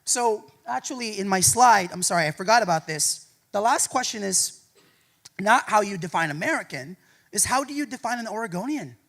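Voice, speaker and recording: A man speaking at a university lecture hall, answering audience questions in a lively, joking way and often tagging his points with "right?". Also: high voice, moderate pace, vocal fry. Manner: animated, joking, keeps adding "right?". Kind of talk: public talk Q&A.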